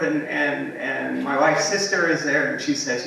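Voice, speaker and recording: A man with a bright, clear-edged voice gives a relaxed, story-driven keynote, easing along with ums and friendly asides. He is picked up from a distance in a large, strongly echoing hall. A faint hum of noise sits under the sound. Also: a little high, measured pace, hardly any pauses. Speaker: invited guest speaker. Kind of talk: conversational storytelling keynote talk.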